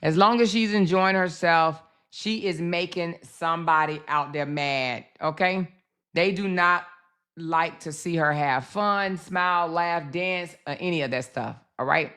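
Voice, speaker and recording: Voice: medium pitch, measured pace, sharp tone, smooth. A host commenting casually on a livestream clip, chatting straight to the audience.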